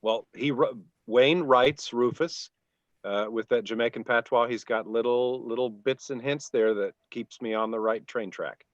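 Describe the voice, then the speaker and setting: A man's voice: medium pitch, unhurried, no echo. Chuckling man, dull dry sound. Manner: self-deprecating, chuckling storyteller. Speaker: audiobook narrator and actor, co-host. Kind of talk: casual podcast chat.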